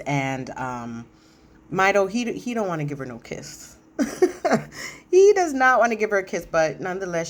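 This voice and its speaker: A woman with a low voice talks through a reality TV episode in a loose, chatty recap. She is sassy and opinionated and leans on fillers as she goes. A faint hum of noise sits behind her. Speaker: reality TV review commentator. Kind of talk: casual recap commentary.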